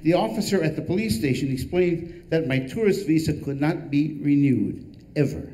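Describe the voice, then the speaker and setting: An older man, an author, reading a humorous memoir aloud with a dry, wry delivery and deadpan punchlines. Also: fairly high pitch, normal speed, rough recording.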